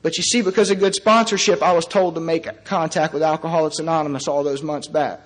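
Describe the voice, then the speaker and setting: A man's voice: fairly high pitch, steady tone, brisk. A young man speaking at a recovery meeting, telling his personal story in an earnest, conversational way.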